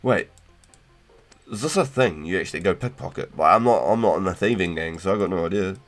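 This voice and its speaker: Man, very low voice, casual livestream chatter, slangy and loose, faint music underneath. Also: brisk. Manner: relaxed, slangy, swears and laughs often. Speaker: livestream host.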